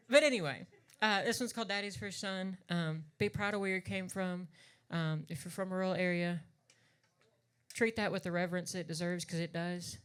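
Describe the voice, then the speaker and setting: A woman's voice: lowish voice, moderate pace, clear, resonant tone. A woman from Southwest Virginia with an Appalachian accent, chatting on a venue stage between songs in a folksy, rambling way. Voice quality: folksy and rambling, says y'all, swears for emphasis. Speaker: singer and drag performer. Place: live music venue stage.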